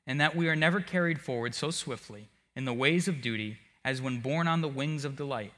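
Impassioned preacher man, bright ringing voice. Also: mid-range voice, fairly quick. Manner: impassioned, swings from hushed to shouting. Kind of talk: sermon. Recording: long hall reverb.

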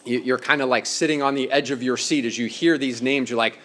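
A man teaching a sermon in a conversational way, slowing down on key phrases for emphasis. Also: medium pitch, fairly even intonation, a bit bright. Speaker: pastor.

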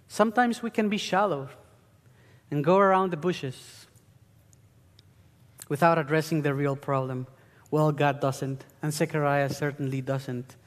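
Male preacher, sermon delivery, earnest and emphatic, high voice, reverberant hall. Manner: earnest teaching with emphatic bursts.

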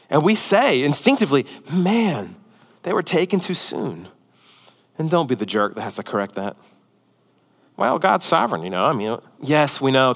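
A pastor preaching a sermon, a man who swings between loud, excited emphasis and hushed, near-whispered lines. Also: medium pitch, big-room sound.

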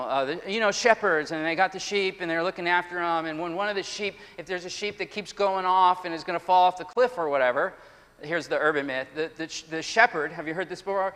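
A man delivers a sermon in an animated, emphatic way, often slipping into the voices of the people he quotes. His voice sits high and bright. A long reverb trails behind him, as in a large church sanctuary. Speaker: pastor.

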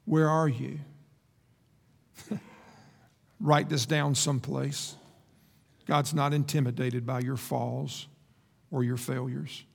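A male pastor preaching a sermon in a church, earnest and measured with pauses. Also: medium pitch, level tone, gravelly, breathy edge. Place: church sanctuary. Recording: reverberant hall with faint guitar.

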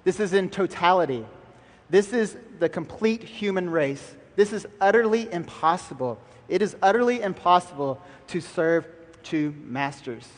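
A man's voice: high voice, expressive, normal speed, long reverb tail. A man preaching a sermon as pastor, emphatic and building through repeated lines.

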